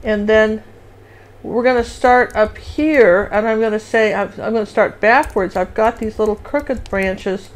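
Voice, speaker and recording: A woman's voice: medium pitch, unhurried. A woman hosting a live painting lesson, chatty and rambling, humming little rhythms as she sketches. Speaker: painting instructor and show host.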